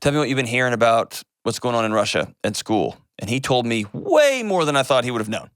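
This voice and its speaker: A man, hosting an advice call-in show and answering a caller in an earnest, gentle way. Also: mid-range voice, very animated, brisk, smooth, no echo, studio quality. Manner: earnest and gentle, shifts pace often.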